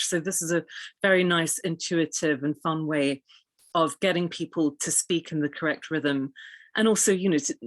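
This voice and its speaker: A woman, an interview guest and pronunciation coach, explaining in an articulate, measured way. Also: deep voice, dry recording.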